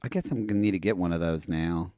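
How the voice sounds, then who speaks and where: A man co-hosting a casual podcast, recapping reality TV with gossipy, animated storytelling. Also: deep voice, fast talker, no room sound, studio quality. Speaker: podcast co-host.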